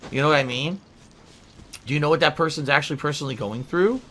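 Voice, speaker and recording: A man's voice: a little high, quick pace, bright, forceful tone, a little hiss or hum. A man livestreaming, reading chat aloud and answering it in a defensive, profane way. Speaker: streamer. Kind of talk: livestream talk.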